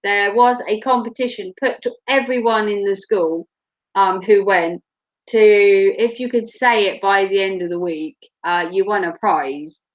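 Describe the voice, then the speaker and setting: A woman's voice: medium pitch, fairly even intonation, a little slow. A woman from Norfolk with a Norfolk English accent, hosting a casual chat in a blunt, joking way and laughing often. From Norfolk, England. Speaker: host. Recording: muffled lo-fi recording.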